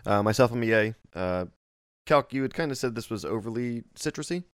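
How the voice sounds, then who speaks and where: A man's voice: medium pitch, animated, brisk, smooth, no room sound, studio quality. A man hosting a casual podcast chat, teasing his co-hosts while running the segments. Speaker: podcast host.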